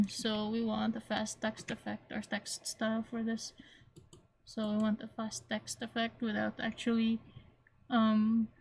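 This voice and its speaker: A woman walking through a software tutorial step by step, repeating key points and often clearing her throat. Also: fairly high pitch, monotone, measured pace. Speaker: teacher. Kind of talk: screen-recorded software tutorial.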